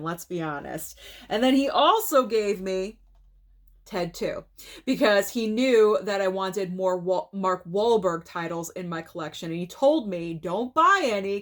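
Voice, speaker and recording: A woman, recorded at home, shows off her collection in a casual, gushing vlog. Her voice sits at an ordinary middle pitch, and she is eager and effusive, stumbling over her words and restarting sentences as she goes. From United States. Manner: enthusiastic and gushing, with frequent stumbles. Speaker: collector vlogger. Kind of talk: casual show-and-tell vlog.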